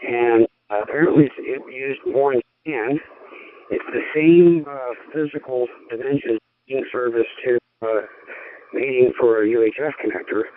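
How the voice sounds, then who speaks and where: Measured man explaining over radio. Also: medium pitch. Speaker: amateur radio operator. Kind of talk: radio net check-in, technical chat. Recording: narrow, dry radio transmission.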